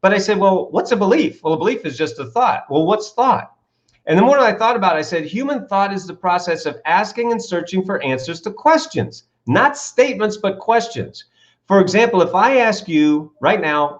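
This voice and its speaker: A man's voice: high voice, moderate pace, lo-fi sound. A man, an author and coach, telling stories with enthusiasm in an interview, leaning on rhetorical questions. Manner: enthusiastic, builds to excited peaks, asks rhetorical questions. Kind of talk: animated interview storytelling.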